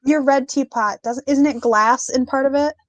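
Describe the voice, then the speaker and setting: A woman's voice: sits high, steady tone, moderate pace, dry recording. A woman chatting in a friendly, talkative way as a guest joining a livestream over a video call. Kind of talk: casual chat.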